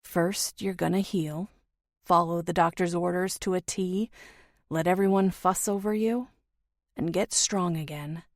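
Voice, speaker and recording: Gentle caring guy, a woman narrator putting him on, soft and slow, dry close sound. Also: on the low side, steady tone, dry recording. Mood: reassuring. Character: tender protective man, a caring partner.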